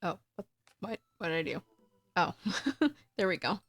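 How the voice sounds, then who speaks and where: A chatty woman with a raspy, husky voice, streaming a game, talking through it casually and reading the on-screen text aloud. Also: lowish voice, measured pace, no echo. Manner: chatty, talkative.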